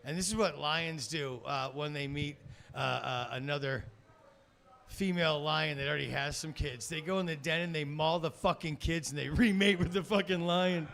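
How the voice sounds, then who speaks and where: A man's voice: on the high side, normal speed, gravelly, a bit bright. A man doing stand-up comedy in a club, telling a rambling, profane story and laughing at his own jokes. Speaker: amateur stand-up comic.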